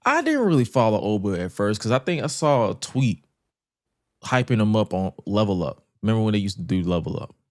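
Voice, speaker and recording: A man hosting a casual wrestling podcast, animated and slangy, often repeating words. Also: fairly low pitch, a little fast, no room sound, studio quality. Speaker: podcast host.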